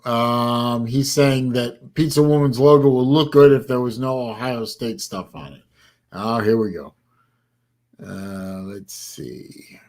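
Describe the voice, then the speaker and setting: A man's voice: medium pitch, slow, darkish tone. An older man from Florida hosting a casual livestream, rambling with many fillers and sounding tired. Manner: tired, yawning. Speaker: livestream host. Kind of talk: casual live-stream chat.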